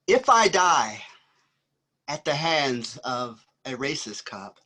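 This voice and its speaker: A man's voice: mid-range voice, sing-song, takes it slowly, sharp tone. A man in his sixties performing spoken-word poetry over a video call, with a rhythmic, swinging delivery and many ums between poems. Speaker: performing poet. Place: home, indoors.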